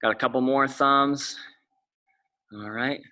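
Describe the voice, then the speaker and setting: A man's voice: medium pitch, steady tone, takes it slowly, bright, forceful tone, reverberant, recorded from a distance, rough recording. A young man leading a stretching class, upbeat and encouraging, often checking in with the class. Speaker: exercise class instructor.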